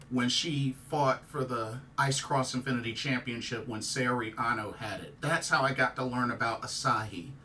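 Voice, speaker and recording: A man reacting on his channel, emotional and grieving, talking haltingly with sighs and repeated exclamations. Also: mid-range voice, sharp tone. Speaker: wrestling commentary YouTuber. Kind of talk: casual reaction vlog. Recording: distant mic with faint background noise.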